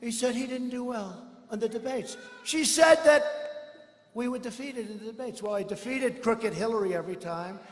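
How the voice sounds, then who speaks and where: A man's voice: very high voice, normal speed. A man giving a rambling campaign rally speech in a large arena, boastful and full of mocking asides. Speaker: politician at a rally. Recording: echoey arena with long reverb.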